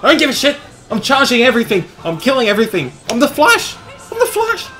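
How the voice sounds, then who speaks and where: A man voicing a reckless, boastful male cavalry commander who shouts and boasts over and over. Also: extremely high pitch, wildly swooping pitch, fast, faint music behind, pitched above the performer's own voice, heavily acted. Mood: cocky, manic. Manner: shouty, cocky, repetitive boasting.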